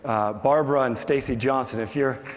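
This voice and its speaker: A man's voice: mid-range voice, fairly even intonation, moderate pace. Rousing male host in an echoing hall. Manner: emphatic, rousing. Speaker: event host. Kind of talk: motivational stage speech. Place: large hall with audience. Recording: reverberant hall with crowd.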